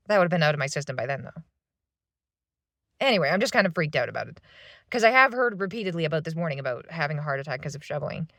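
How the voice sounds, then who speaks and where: A woman's voice: fairly low pitch, fairly bright tone, no room sound, clean studio sound. Frustrated woman in her thirties ranting. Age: 30s. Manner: frustrated, swearing, rambling. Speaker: vlogger. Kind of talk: casual venting monologue. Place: parked van, indoors.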